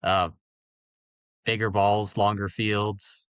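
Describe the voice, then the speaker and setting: A male co-host with a wry, teasing way of talking in a casual chat. His voice is low-pitched and the recording is dry. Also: little pitch movement, slow, a bit bright, smooth, dry recording.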